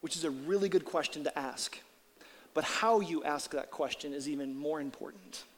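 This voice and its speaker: A man preaching a sermon as pastor, talking to the congregation in a conversational, animated way and slowing down for dramatic readings of scripture. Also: on the high side. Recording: hall reverb.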